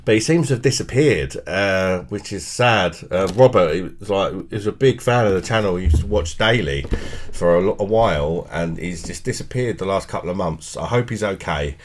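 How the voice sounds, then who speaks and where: A man's voice: sits low, lively intonation, normal speed, slight background noise. A man with a British accent reviewing beer in a casual, jokey, rambling vlog chat, laughing at his own puns. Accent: British English.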